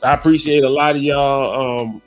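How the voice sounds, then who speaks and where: A man hosting a casual podcast over a video call, talking in a relaxed way and often saying "you know what I'm saying.". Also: mid-range voice, normal speed, faint music behind. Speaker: podcast host.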